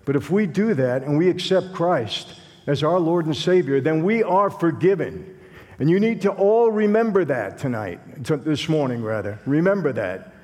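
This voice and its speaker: A man's voice: a little high, expressive, normal speed, a little mellow. A man with a Brooklyn accent, giving a conversational, streetwise testimony sermon as a guest speaker. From Brooklyn, New York. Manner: streetwise, conversational, acts out dialogue. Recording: long hall reverb.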